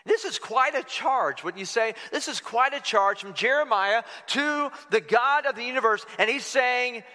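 A man preaching a sermon as pastor, animated, acting out quotes with shifting voice. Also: sits high, normal speed, hardly any pauses. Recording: long hall reverb.

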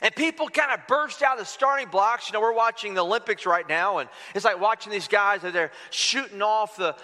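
A man preaching a sermon as pastor, animated, acting out quotes with shifting voice. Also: sits high, a little fast. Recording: long hall reverb.

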